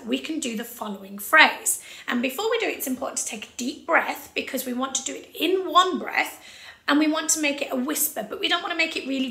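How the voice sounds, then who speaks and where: A woman leads a children's music lesson in a bright, slightly gravelly voice. She explains each step patiently and keeps a steady beat. The room around her sounds echoey. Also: high-pitched. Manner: clear, patient, rhythmic instruction. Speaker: music teacher.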